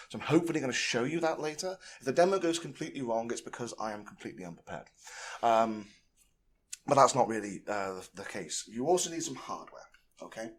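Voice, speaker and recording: A man's voice: mid-range voice, sing-song, brisk, slight background noise. A man giving a conference talk, casual and rambling, full of fillers and tag questions. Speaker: conference speaker. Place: conference room.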